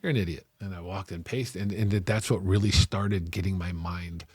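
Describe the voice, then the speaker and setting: Low husky-voiced man telling his story. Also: fairly even intonation, moderate pace, a little mellow, no echo. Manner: earnest, acts out prison conversations with raised voices. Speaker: interview guest. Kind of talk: candid interview storytelling.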